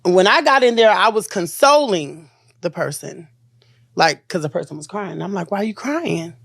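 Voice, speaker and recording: An emotional woman recounting a painful experience in an interview, circling back and repeating herself. Her voice sits a little low, and the sound is dry and close with no room echo. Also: normal speed, gravelly, a bit bright, breathy edge. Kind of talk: interview recounting a personal ordeal.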